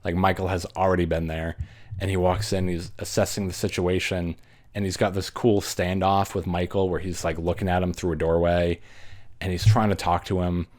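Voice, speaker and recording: Male host with a low voice, giving a loose, jokey movie recap with swearing and put-on character voices. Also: level tone, a little mellow. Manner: laughing, swearing, acts out characters in quick voices.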